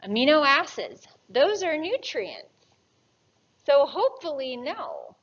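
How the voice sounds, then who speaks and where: A woman with a high-pitched voice speaks slowly in a recording with the highs cut off, teaching an anatomy class. In her lively classroom lecture, she asks students questions, answers them herself and tags her points with "right?".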